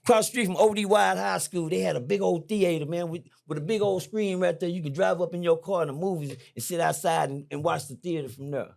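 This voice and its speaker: A man's voice: sits high, fast talker, creaky, few pauses, darkish tone. Teasing older storyteller man. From Fort Worth, Texas. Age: 50s. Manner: teasing, rambling storyteller with slang. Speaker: podcast guest storyteller. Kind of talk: casual chat. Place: indoor podcast room.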